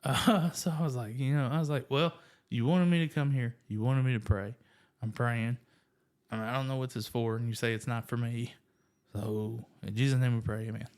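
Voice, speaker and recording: A man casually telling his faith story as a podcast guest, animated and self-deprecating, full of "like" and "you know". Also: mid-range voice, fairly quick. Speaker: guest sharing testimony.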